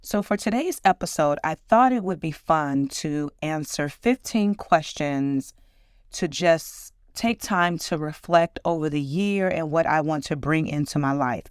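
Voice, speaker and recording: A forty-something woman chats solo on her podcast, animated yet unhurried, telling warm, upbeat, reflective stories about her life. Her low voice is clear and resonant, recorded in clean studio sound with no room noise.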